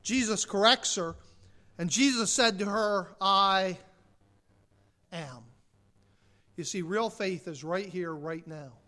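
A male pastor preaching an impassioned sermon that swings from loud emphasis to quiet intensity, with direct questions to the congregation. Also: high voice, a little slow.

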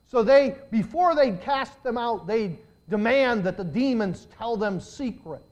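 An older man preaching a sermon as a pastor, swinging between hushed, intimate lines and loud, emphatic declarations. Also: very high-pitched, lively intonation, unhurried, muffled recording.

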